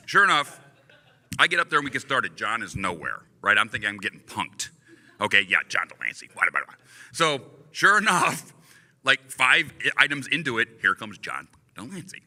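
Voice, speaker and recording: A man tells a story on a convention panel with bouncing, lively pitch. He acts out the quotes and laughs along as he goes. His voice is very bright and rings through a large hall. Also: a little fast. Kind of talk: animated storytelling. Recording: hall reverb.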